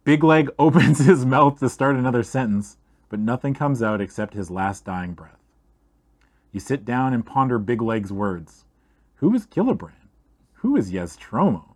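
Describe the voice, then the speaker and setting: A man reading a fantasy gamebook aloud in a steady storytelling voice, speaking to the listener as "you". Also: medium pitch, moderate pace. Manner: steady storytelling read-aloud, second person. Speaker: game reader.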